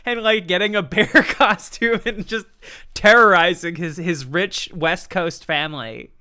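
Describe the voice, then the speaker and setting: A man's voice: high voice, measured pace, bright, forceful tone, clear, resonant tone. A man co-hosting a casual live-stream chat show, laughing often as he tells stories. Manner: giggly, laughs often through his stories. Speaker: co-host.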